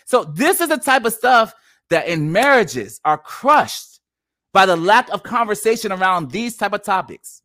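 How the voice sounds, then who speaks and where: A man's voice: high voice, expressive, unhurried, bright, forceful tone, no room sound, clean studio sound. A man in his thirties co-hosting a casual faith discussion, emphatic and preachy. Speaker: podcast co-host.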